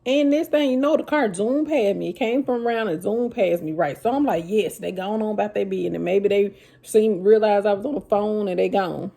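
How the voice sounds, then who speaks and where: Woman, gravelly voice, casual storytime vlog, animated. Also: mid-range voice, normal speed, few pauses. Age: adult with children. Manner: animated, addresses viewers as y'all, Southern US vernacular. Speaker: vlogger telling a story. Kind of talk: casual storytime chat to viewers.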